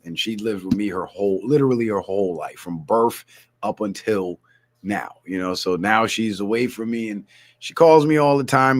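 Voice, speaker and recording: A middle-aged man hosting a livestream, telling stories in a loose, casual way with plenty of swearing. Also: on the low side. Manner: loose, swearing storyteller, animated asides. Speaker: livestream host.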